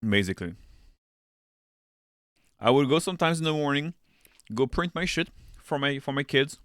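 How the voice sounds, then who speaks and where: A man's voice: a little high, animated, normal speed, a bit bright, dry recording. Dry-miked man rambling on a stream. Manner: rambling, profane, chats with viewers while working. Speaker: streamer and teacher. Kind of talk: casual live-stream chat.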